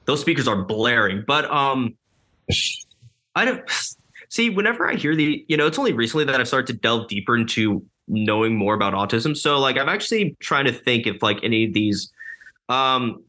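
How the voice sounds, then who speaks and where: Bright twenty-something guy, rambly and casual, mid pitch. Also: expressive, moderate pace. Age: 20s. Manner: rambling, many likes and ums. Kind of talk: casual conversation.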